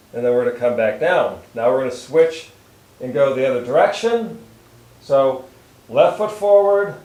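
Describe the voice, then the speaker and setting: A chiropractor calmly talking through posture stretches step by step while he demonstrates them. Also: mid-range voice, reverberant, poor audio. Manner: calm, steady step-by-step instruction while moving. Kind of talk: instructional exercise demonstration.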